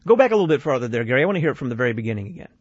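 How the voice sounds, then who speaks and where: A man's voice: medium pitch, sing-song, rapid-fire, breathy edge, no echo, dull audio. A man hosting a call-in radio show, giving critical commentary on a played clip in a conversational way with restarts and repeated phrases.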